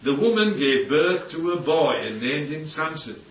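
Man preaching in a lively, sing-song way to a small gathering, heard from across a roomy hall on a dull, muffled recording with faint room noise behind him. He talks conversationally and keeps asking "yeah?". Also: a little high, moderate pace, far from the mic. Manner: chatty, keeps asking "yeah?", playful asides. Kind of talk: informal Bible-study sermon. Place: church hall with congregation.

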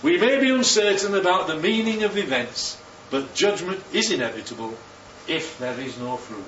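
A man preaches a sermon with a fairly high, animated voice that leaps upward on key words. He asks the room question after question. He sounds roomy and set back from the microphone, a little dull, with faint ambience behind. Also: moderate pace, distant mic, slight background noise. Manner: animated, rhetorical questions, swoops up for emphasis.

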